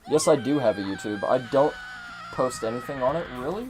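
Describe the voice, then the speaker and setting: A man's voice: mid-range voice, very animated, a little fast, darkish tone, soft background music. A man giving casual gameplay commentary as a streamer, chatty and swearing a lot.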